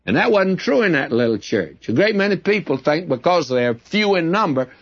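A man's voice: a little high, very animated, normal speed. Folksy man preaching on old lo-fi tape. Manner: folksy, emphatic, conversational. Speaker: preacher and Bible teacher. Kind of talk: sermon. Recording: dull lo-fi old recording.

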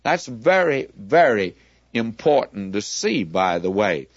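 A man teaching through a Bible passage verse by verse, measured and explanatory, leaning hard on key words. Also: on the low side, very animated, slightly rough, no echo, lo-fi sound.

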